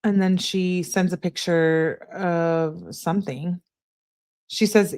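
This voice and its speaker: A woman's voice: on the low side, steady tone, slow pace, darkish tone. A woman hosting a true crime channel, reading text messages aloud in a plain way and spelling out abbreviations letter by letter.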